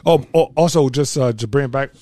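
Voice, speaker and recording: A man's voice: mid-range voice, fairly quick, dark tone, no echo. A man in casual chat, telling a story in a rambling way, full of restarts and fillers.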